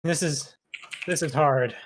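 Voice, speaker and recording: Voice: medium pitch, slow pace, a little hiss or hum. A player in a tabletop game, playful and theatrical, laughing between lines. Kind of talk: casual tabletop play.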